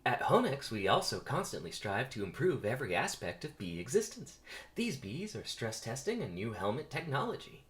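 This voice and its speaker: A man voicing an upbeat female tour guide bee who talks in a cheery sales pitch. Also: sing-song, normal speed, a bit bright. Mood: chipper.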